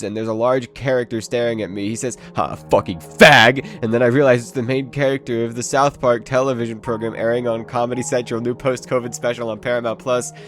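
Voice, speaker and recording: A man narrating a parody horror story in a mock-serious, absurdly rambling way. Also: mid-range voice. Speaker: comedic narrator.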